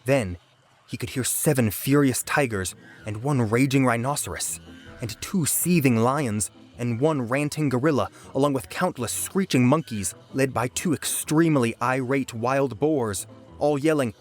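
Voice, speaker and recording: A man reading a children's book aloud in a calm, measured storytelling voice. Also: mid-range voice. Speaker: audiobook narrator. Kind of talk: storybook read-aloud narration. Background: soft background music.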